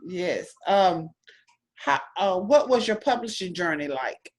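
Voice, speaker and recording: A woman's voice: on the low side, animated, slow pace. A woman hosting an interview, asking short questions and adding encouraging remarks. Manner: brief, encouraging questions and backchannels. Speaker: interviewer and channel host. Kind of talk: casual interview.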